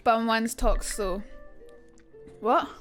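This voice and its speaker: A young Scottish woman hosting a casual live stream, her voice sitting a little high. She talks in a loose, chatty way, swears freely and answers her chat. Soft music plays behind her. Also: extremely slow. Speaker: streamer teaching accents.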